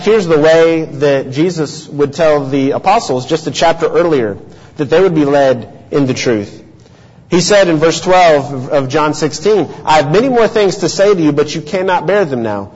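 Male preacher, husky, earnest teaching tone; lo-fi recording with hall echo. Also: fairly high pitch. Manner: earnest, measured teaching with rhetorical questions. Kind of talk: sermon. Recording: dull lo-fi audio with long hall reverb.

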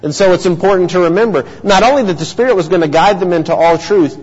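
Male preacher, husky, earnest teaching tone; lo-fi recording with hall echo. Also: high voice. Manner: earnest, measured teaching with rhetorical questions. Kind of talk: sermon. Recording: dull lo-fi audio with long hall reverb.

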